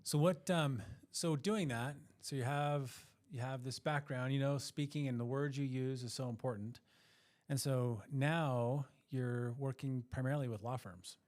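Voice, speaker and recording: A man's voice: mid-range voice, a little slow, a little mellow. A man co-hosting a business podcast, agreeing with his guest and leading into the next question. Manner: affirming, sets up questions with short agreements. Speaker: podcast co-host. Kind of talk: casual interview chat.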